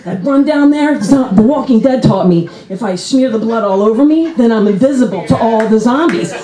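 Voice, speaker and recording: Animated woman doing stand-up in an echoey club. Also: normal speed, crowd noise. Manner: animated, acts out characters with big pitch jumps. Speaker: stand-up comedian. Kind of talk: stand-up comedy set. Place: comedy club stage.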